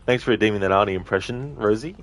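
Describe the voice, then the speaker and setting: A man's voice: lowish voice, quick pace. A male streamer chatting casually with viewers while playing, reading out their redeems. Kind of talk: casual live-stream chat while gaming.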